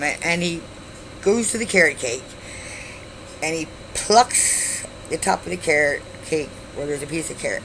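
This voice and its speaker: A woman's voice: fairly low pitch, background noise. A woman telling a story about a chaotic date in a casual vlog, swearing freely and acting out the people she quotes. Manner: animated, swears, acts out quoted voices.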